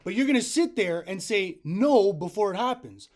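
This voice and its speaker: A man with a high-pitched voice makes an insistent complaint call to customer support. He sounds frustrated and keeps checking "right?" as he lays out his case. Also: animated, normal speed, a little mellow. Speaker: self-publishing author calling customer support.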